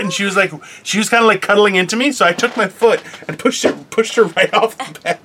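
Male podcast co-host, bright and tense tone, rambling storyteller who laughs easily. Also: high-pitched, fast talker, hardly any pauses, a little hiss or hum. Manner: acts out quoted voices. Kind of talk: casual chat.

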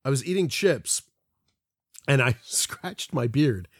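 A man's voice: medium pitch, lively intonation, slow, husky, no echo, studio quality. A middle-aged man from the Philadelphia area, co-hosting a podcast in casual chat, rambling through stories with frequent restarts and plenty of swearing. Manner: rambling storyteller, swears freely, restarts often. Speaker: podcast co-host.

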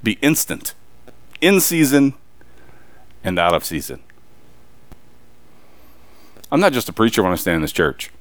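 A man's voice: on the low side, very animated, unhurried, pauses often, no room sound. A man preaching a sermon, emphatic and pressing the congregation with rhetorical questions.

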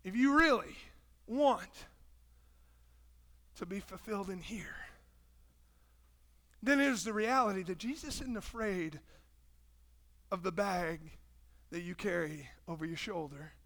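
A male pastor preaching a sermon with passion, shifting between loud, shouted lines and hushed, quiet ones, and acting out quoted voices as he goes. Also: sits high, unhurried, pauses often. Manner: impassioned, swings from loud preaching to hushed tones. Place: church.

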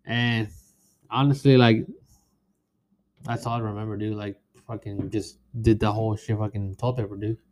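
A man's voice: fairly low pitch, flat delivery, moderate pace, darkish tone. A man co-hosting a podcast, laid back in manner, often stopping to restart his sentences. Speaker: podcast co-host. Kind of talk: casual chat.

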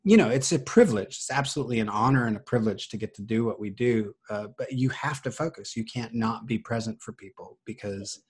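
A man's voice: lowish voice, a little fast, hardly any pauses, slightly rough. A middle-aged man, a voice actor, telling a story in casual chat and acting out the quoted voices. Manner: animated, acts out quoted voices. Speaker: voice actor guest.

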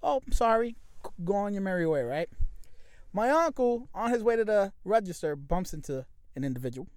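A man tells a story in loose podcast chat, swearing freely and acting out the people in it. His voice sits high for a man. The sound is dry and close, with no room in it. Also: brisk, dry recording. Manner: animated, swears freely, acts out quoted voices. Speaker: podcast co-host.

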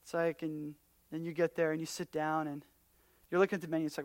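A man preaching a casual sermon, telling stories and acting out little quotes, swinging from loud bursts down to near-whispers. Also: on the high side, fast, no room sound. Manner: animated storyteller, acts out quotes, drops to near-whispers. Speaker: pastor.

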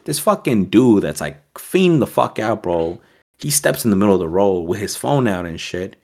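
A man co-hosting a podcast, telling a profane, animated story in casual chat. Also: on the low side, a little fast. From East Coast US. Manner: profane, animated storyteller, acts out quoted voices. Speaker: podcast co-host.

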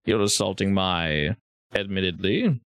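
A man's voice: low-pitched, expressive, measured pace, a bit bright, smooth, no room sound, pitched below the performer's own voice, heavily acted. A man playing a suave, polite male base commander.

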